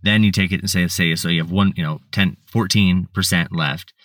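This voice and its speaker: Blunt, plain-talking man with a low voice, recorded dry and a little distant from the mic. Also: steady tone, moderate pace, fairly bright tone, dry recording. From United States. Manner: blunt, swears, lots of fillers and restarts. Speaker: podcast guest. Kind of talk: casual storytelling.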